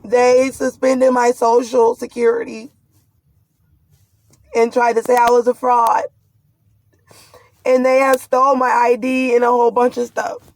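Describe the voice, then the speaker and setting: A woman's voice: fairly high pitch, little pitch movement, unhurried, long pauses, darkish tone. A pregnant woman recounts a frightening ordeal in an urgent, rambling, fearful way. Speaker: vlogger. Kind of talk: distressed personal account to camera.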